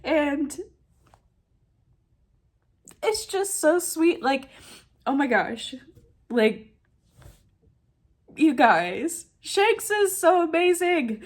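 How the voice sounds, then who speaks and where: A woman's voice: sits high, sing-song, extremely slow, pauses often. A woman recapping a manga chapter in casual chat, chatty and emotional, saying "like" often. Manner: chatty and emotional, says "like" a lot.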